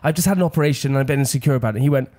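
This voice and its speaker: A young man with an English accent hosting a casual chat, telling stories quickly and laughing often. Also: medium pitch, a little mellow. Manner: fast storytelling, laughing often. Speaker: podcast host.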